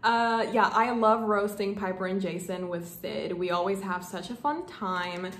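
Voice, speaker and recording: A woman in her twenties chatting casually in a book vlog, gushing and excitable, often stumbling over her words. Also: medium pitch, measured pace. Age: 20s. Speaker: book vlogger. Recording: echoey room, faint background hum.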